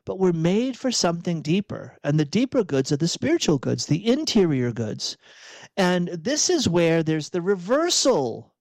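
A man's voice: high-pitched, sing-song, moderate pace, darkish tone, no room sound. A man from outside Boston hosting a reflective spiritual talk, conversational, repeating and restarting phrases with rhetorical asides. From outside Boston, USA. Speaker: podcast host and executive coach.

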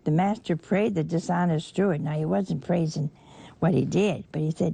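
An older woman delivers a sermon in an unhurried, folksy way, teasing her listeners as she goes. Her voice is low and gravelly with a dark, husky edge. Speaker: preacher.

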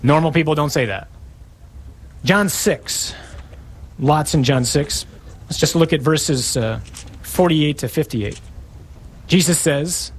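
A man delivers a sermon, his voice a little high and husky. He acts out the scripture lines with dramatic changes of tone, now quiet, now sharp. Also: lively intonation, measured pace. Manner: dramatic, acting out scripture quotes with shifting tone. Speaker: preacher.

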